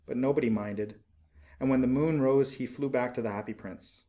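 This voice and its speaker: A man narrating a classic fairy tale in a measured, expressive audiobook reading. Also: medium pitch. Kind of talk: storybook reading.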